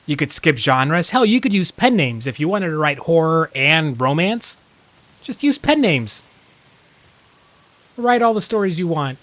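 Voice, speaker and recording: A man talks casually while streaming a game. His voice sits a little high and sounds crisp and bright. He rambles through his thoughts with plenty of filler words and yelps at sudden in-game scares. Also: big pitch swings, unhurried. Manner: rambling, heavy use of "like" fillers; jumpy, reacts loudly to in-game surprises. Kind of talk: casual gameplay commentary.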